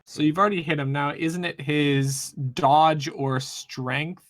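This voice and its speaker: A man's voice: on the high side, steady tone, unhurried, fairly bright tone, no room sound, clean studio sound. A man running a tabletop game as game master, thinking aloud with hesitant restarts.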